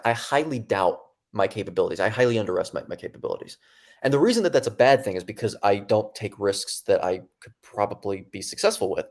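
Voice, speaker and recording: A young man in his twenties tells his story as a podcast guest. His voice sits at a middle pitch. He talks casually with fillers and restarts, acting out what others said. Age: 20s. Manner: animated, acts out quoted dialogue. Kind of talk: storytelling in an interview.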